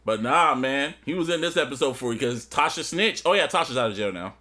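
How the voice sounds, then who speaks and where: A man co-hosting a podcast in casual chat, animated, laughing often and acting out scenes. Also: mid-range voice, brisk. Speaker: podcast co-host.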